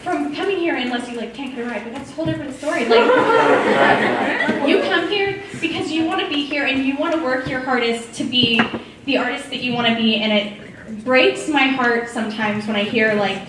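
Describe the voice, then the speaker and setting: A woman's voice: high-pitched, animated, normal speed. A teenage girl giving a rambling, emotional farewell speech as a graduating senior, laughing and close to tears. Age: teens. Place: large school hall or auditorium. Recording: echoey distant hall mic with loud crowd and noise.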